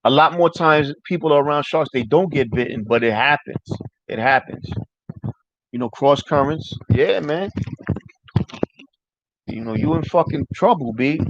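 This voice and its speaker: A man's voice: a little high, expressive, moderate pace, long pauses, dry recording. A man hosting a casual livestream chat, rambling loosely and swearing often while answering viewers. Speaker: livestream host. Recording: dry, dull lo-fi mic.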